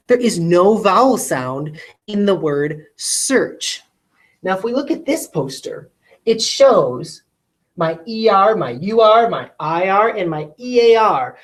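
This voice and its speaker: A woman with a medium-pitched voice teaches a recorded phonics lesson to classrooms, slowly stretching out word sounds and checking in with rhetorical questions. The audio is poor.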